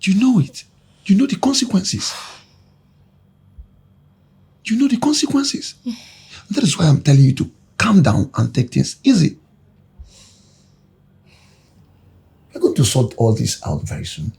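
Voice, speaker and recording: An actor playing a worried spouse who urges calm and repeats himself insistently. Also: male voice, sits high, fairly quick, creaky, slightly rough, full character voice.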